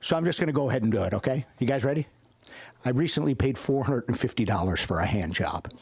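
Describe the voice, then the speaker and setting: A man's voice: mid-range voice, animated, fast talker, vocal fry, husky, dry recording. A man opening a stand-up set, hyping the room and then dropping into a mock-earnest confession. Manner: loud, hyped crowd-working with swings to mock-earnest confession. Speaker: stand-up comedian. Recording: live club mic with crowd noise.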